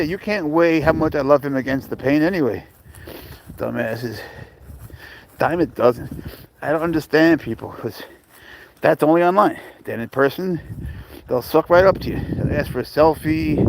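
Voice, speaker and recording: A man's voice: mid-range voice, moderate pace, gravelly, long pauses, low-quality recording. Guy on a phone livestream rambling at his cat, swears a lot, laughs a bunch, medium voice, little bit of faint hiss behind him. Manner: profane, laughs often, coos baby talk at his cat. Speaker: cat owner live-streaming with his pet. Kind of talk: casual live-stream chat.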